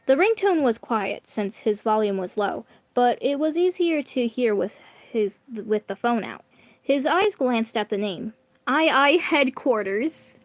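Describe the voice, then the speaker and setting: A woman's voice: a little high, lively intonation, measured pace, dry recording. A woman reading online fan fiction aloud in a casual, chatty way, often stumbling and correcting herself. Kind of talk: casual read-aloud with asides.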